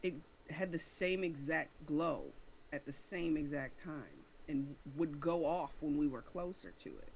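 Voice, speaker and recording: A tabletop player speaks hesitantly and often starts over. The voice sits at a middle pitch. Faint noise is heard behind it. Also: lively intonation, unhurried, vocal fry, rough recording. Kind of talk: playing a tabletop game.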